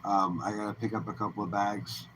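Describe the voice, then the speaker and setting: A man's voice: lowish voice, flat delivery, brisk, background noise. A man hosting a live stream, chatting casually and easygoing with viewers and greeting them by name.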